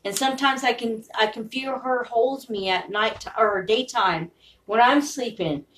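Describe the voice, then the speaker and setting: A woman's voice: fairly high pitch, a little slow, fairly bright tone, far from the mic, a little hiss or hum, poor audio. Profane, intense woman, off-mic. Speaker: podcaster. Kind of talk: rambling monologue.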